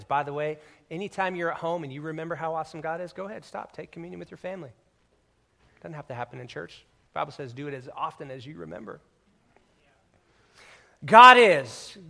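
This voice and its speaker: A pastor delivering a sermon to his congregation in a conversational, joking way, swinging from quiet asides to loud, emphatic declarations. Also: a little high.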